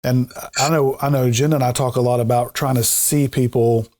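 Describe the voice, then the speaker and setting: A man's voice: mid-range voice, fairly even intonation, normal speed, a little mellow. A man hosting a podcast, talking in a thoughtful and affirming way. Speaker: podcast host. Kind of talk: conversational podcast talk.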